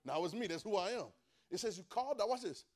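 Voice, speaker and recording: A man's voice: high-pitched, animated, quick pace, darkish tone. A man preaching a Bible class sermon, emphatic, repeating phrases and calling on listeners to answer back.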